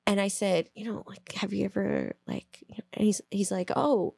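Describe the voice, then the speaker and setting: Animated woman telling a story, dry. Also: mid-range voice, normal speed, gravelly, slightly rough, no echo. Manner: animated, laughing, swearing, acts out quotes. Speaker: podcast co-host. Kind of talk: casual storytelling chat.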